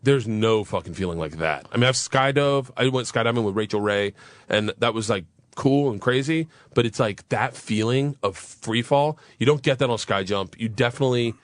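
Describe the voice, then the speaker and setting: In a clean studio recording with no echo, a man in his thirties with a mid-range voice tells a wild story at a moderate pace as a guest on a radio talk show. He's animated, swears freely, and acts out the voices of the people in his story.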